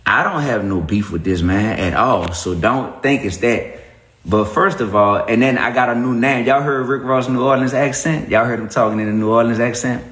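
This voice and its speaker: Lively preachy man in an echoey room. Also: medium pitch, moderate pace. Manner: animated, preachy, greets viewers by name. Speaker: livestream host. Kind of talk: casual livestream talk.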